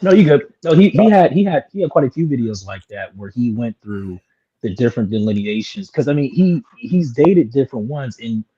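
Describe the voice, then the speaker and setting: Dude on a stream call, warm relaxed voice, kinda muffled lo-fi mic, keeps agreeing then adds his take. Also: mid-range voice, husky. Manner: quick agreeing interjections, then longer points. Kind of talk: casual livestream chat.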